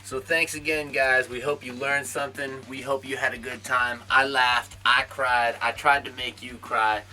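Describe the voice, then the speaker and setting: A man's voice: mid-range voice, flat delivery, moderate pace, pushed and bright, soft background music. A young man from a band giving a casual tour of his home and backyard, offhand and swearing a lot. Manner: profane, jokey and offhand. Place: home, indoors then backyard.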